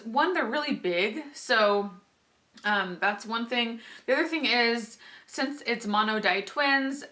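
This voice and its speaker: A young, heavily pregnant woman vlogs casually to camera in a fairly high, bright, forceful voice. She rambles and chats, restarting often, saying "like" a lot, and laughing little laughs as she talks.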